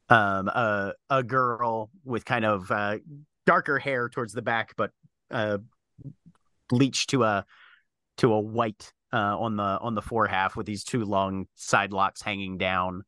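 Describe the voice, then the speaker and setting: Man, game master, slow deliberate narration, lowish voice, dry close sound, halting with fillers. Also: bright, forceful tone, dry recording.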